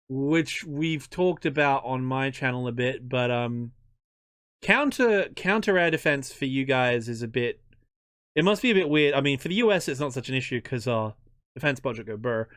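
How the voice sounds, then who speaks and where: An Australian man hosting a history channel, chatting casually in an interview, joking and self-deprecating with halting restarts. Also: medium pitch, animated, fairly bright tone, clear, resonant tone, dry recording, clean studio sound.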